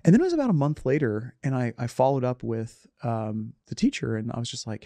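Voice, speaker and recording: A man's voice: medium pitch, very animated, a little fast, mellow, dry recording. A middle-aged man in reflective conversation, earnest and self-searching, often trailing off and restarting his sentences.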